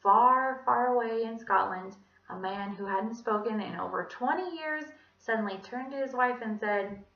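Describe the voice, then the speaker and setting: A young woman telling a children's story aloud with an expressive, animated delivery. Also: on the high side, moderate pace, vocal fry. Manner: expressive, animated, dramatic sound effects. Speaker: student storyteller. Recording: echoey room, dull lo-fi sound.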